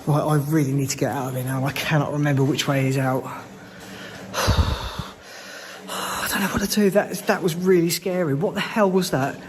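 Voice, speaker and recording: A scared man talks to his handheld camera while exploring at night. His voice sits a little high and he drops to a shaky whisper or bursts out in frightened swearing. The audio is full of hiss and noise from the camera. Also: steady tone, moderate pace. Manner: frightened, swearing, hushed then exclaiming. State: shaking with fear. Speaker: urban explorer. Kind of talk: whispered solo vlog. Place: abandoned hospital at night, indoors.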